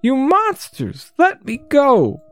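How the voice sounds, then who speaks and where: A frightened young woman held captive in a game, as a man puts her on. She pleads and protests in a high falsetto that swings widely. She sounds desperate. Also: wildly swooping pitch, takes it slowly, fairly bright tone, soft background music, full character voice.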